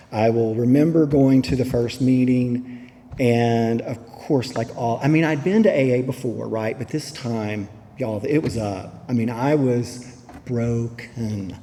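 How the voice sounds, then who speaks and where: Man, mellow, candid drawling testimony; hall reverb. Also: mid-range voice, slight background noise. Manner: candid, humorous, drawling storytelling. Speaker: recovery meeting speaker. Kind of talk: personal testimony to an audience. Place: meeting hall.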